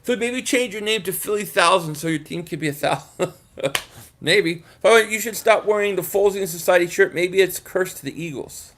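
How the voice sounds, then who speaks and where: Frustrated high-voiced man ranting on a livestream. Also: moderate pace, a bit bright. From Philadelphia area. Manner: frustrated, rambling with restarts. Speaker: host of a fan livestream. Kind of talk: casual livestream rant reading chat.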